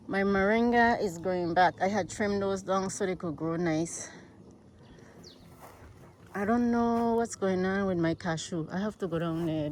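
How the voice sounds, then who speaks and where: Her voice is fairly low and darkish, with a little hiss or hum in the recording. She's a U.S. vlogger gardening outdoors on a farm, winded from digging in the heat, chatting and rambling to viewers she calls "guys" in a casual farm vlog.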